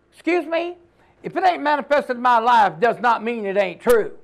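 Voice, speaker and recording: A man preaching a sermon as pastor, emphatic, swinging between loud declarations and hushed lines and calling on the congregation to repeat after him. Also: extremely high pitch, big pitch swings, moderate pace, gravelly.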